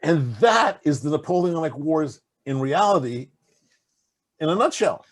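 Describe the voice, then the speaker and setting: A man being interviewed as a game designer, telling rambling, animated stories full of fillers and restarts. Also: on the high side, unhurried. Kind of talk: casual conversational interview.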